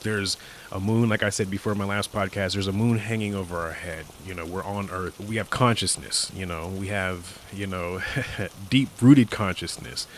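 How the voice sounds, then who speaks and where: A man's voice: low-pitched, steady tone, normal speed, slight background noise. A man hosting a podcast, talking in a casual, reflective monologue that rambles with many fillers and restarts. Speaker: podcast host.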